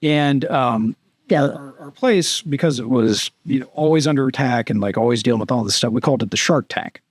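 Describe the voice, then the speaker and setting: A middle-aged man telling a story as a podcast guest, rambling and animated with many fillers and restarts. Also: mid-range voice, a little fast, dry recording, studio quality. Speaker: podcast guest, retired army captain. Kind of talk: casual storytelling in conversation.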